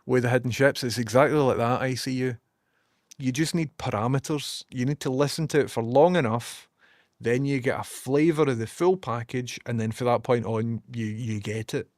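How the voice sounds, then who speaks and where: A young man with a broad West of Scotland accent rants animatedly to his viewers, peppering his talk with swearing. His voice sits at an ordinary middle pitch, recorded close and dry with no room sound at all. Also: normal speed, a little mellow, no echo. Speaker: streamer chatting with viewers. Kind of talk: casual chat.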